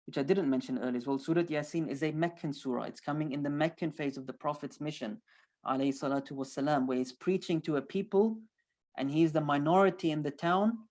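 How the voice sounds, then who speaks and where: A male teacher gives an online lecture on a sacred text. He speaks with steady emphasis and stacks short repeated phrases to drive each point home. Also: a little high. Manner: emphatic, building repetition. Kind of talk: lecture explaining scripture.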